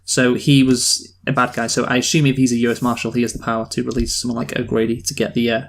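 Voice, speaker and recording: A man's voice: mid-range voice, completely flat delivery, fast talker, gravelly. A man co-hosting a podcast movie review, wry as he works through his list of complaints. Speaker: podcast co-host. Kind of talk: casual chat.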